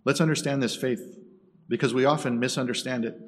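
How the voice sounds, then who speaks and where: A man preaching a sermon, dropping to a hush and rising to loud bursts. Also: medium pitch, fairly even intonation, fairly quick. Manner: dramatic swings between hushed and loud. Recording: echoey hall from a distance.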